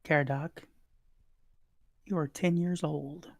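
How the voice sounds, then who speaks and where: Game master, casual narration, many ums, mid pitch, dry close sound. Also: steady tone, slow pace, no room sound. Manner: casual, filler-heavy.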